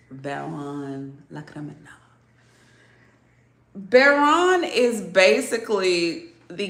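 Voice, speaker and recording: A woman giving a casual zodiac reading, chatty and animated, laughing often. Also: medium pitch, reverberant. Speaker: tarot reader.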